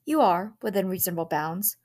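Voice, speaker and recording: A woman voicing an anxious middle-aged father in a storybook reading, worried and firm, sometimes hushed. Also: fairly low pitch, expressive, brisk, natural voice. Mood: stern.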